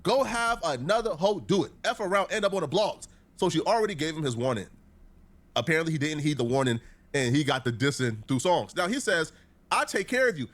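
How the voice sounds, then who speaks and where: A man with a high voice narrates a commentary video in a mocking, theatrical tone. His pitch swings up and down with a lot of life. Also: lively intonation, brisk. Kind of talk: scripted commentary.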